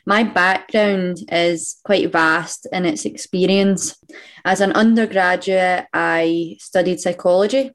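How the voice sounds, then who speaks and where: Young Scottish woman with a lowish voice. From Scotland. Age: young adult. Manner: chatty, laughs easily, many fillers. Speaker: guest. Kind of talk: casual podcast interview.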